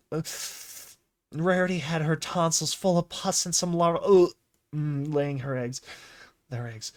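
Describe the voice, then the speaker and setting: A man casually reading a horror comic aloud, breaking off with chatty, exclaiming and mocking asides. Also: a little high. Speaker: narrator and reactor.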